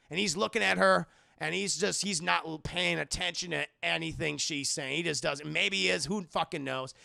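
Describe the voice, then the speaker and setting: Gravelly, animated movie reviewer, a man. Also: on the high side, normal speed, dry recording, studio quality. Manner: animated, profane storytelling. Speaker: movie reviewer streaming to chat. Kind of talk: casual film recap.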